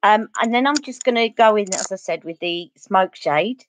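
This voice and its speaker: A woman's voice: medium pitch, normal speed, a little hiss or hum. A woman with an Essex accent chatting through a live makeup tutorial, answering viewer comments as she goes. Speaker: beauty vlogger.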